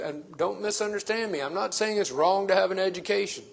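A man's voice: high voice, fairly quick, gravelly, few pauses. A man preaching a sermon, stressing his points by repeating phrases.

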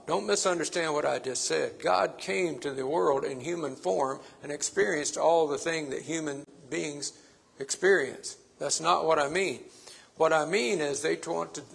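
A man's voice: a little high, unhurried, creaky, fairly bright tone, slightly rough. A man preaching a sermon, stressing his points by repeating phrases.

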